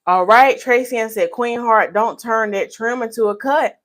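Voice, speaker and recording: A woman's voice: a little high, moderate pace, fairly bright tone. Playful woman. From North Carolina, USA. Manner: playful, teasing, reads viewer comments aloud. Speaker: hairstylist host. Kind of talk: live stream chat Q&A.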